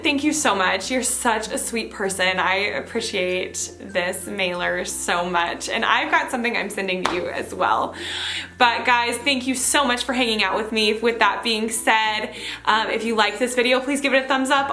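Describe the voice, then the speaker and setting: A young woman chatting casually to camera as a vlogger, gushing and excitable, gasping as she answers questions and opens mail. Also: a little high, moderate pace. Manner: gushing, excitable, lots of gasps. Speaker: Disney vlogger.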